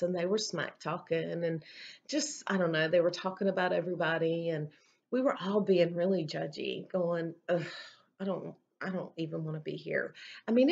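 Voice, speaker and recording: A woman pastor delivers a sermon, earnest and conversational, as if telling a story to her congregation. Her voice sits low, with a gravelly edge. The service recording sounds slightly dull and lo-fi. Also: darkish tone.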